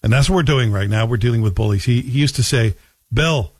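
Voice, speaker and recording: A man's voice: mid-range voice, brisk, husky, no room sound. Guy ranting on talk radio, punchy and folksy, dry close studio mic. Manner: combative, emphatic, folksy storytelling. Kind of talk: opinionated radio monologue. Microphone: studio microphone.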